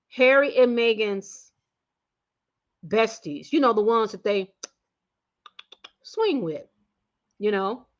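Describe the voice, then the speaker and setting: A woman with a high voice delivers a casual, slangy opinion rant as a channel host. She meanders through fillers and restarts, jumping between loud outbursts and low muttered asides. The recording sounds slightly muffled and lo-fi.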